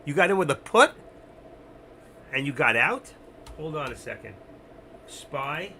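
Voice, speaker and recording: This options trading livestream host is a man whose voice sits a little high, with lively intonation and a measured pace. His tone is bright and forceful as he chats loosely, rambles, makes fun of himself, and talks right to his audience. A slight hiss or hum runs underneath.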